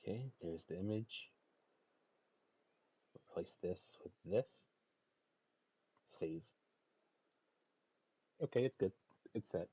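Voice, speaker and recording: Low husky giggly streamer guy. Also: slow, pauses often, dark tone, highs cut off. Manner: giggly, keeps laughing between remarks. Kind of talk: casual livestream chat.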